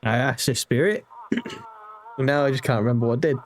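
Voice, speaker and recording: A man's voice: medium pitch, brisk. A young British man streaming a game, joking and rambling between lines. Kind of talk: casual game commentary.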